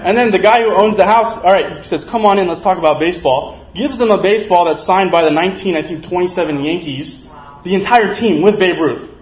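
A man's voice: high voice, brisk. A man giving a sermon, telling a movie story and acting out its characters' lines. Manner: storytelling, acts out quoted characters. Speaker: preacher. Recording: echoey, slightly dull sound.

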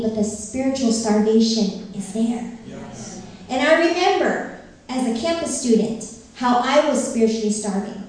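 A woman's voice: on the high side, darkish tone, slight background noise. A middle-aged woman from Northern California giving a heartfelt church testimony as a missionary speaker, with a few ums along the way. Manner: earnest, heartfelt storytelling with many fillers. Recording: very echoey hall, from far off.

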